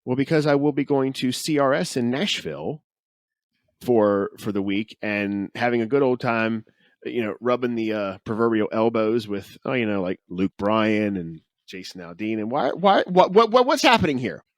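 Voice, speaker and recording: A man's voice: lowish voice, moderate pace, no room sound, studio quality. A man co-hosting a podcast in casual chat, opinionated and wry, with some mock exasperation. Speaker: podcast co-host. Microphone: studio headphones.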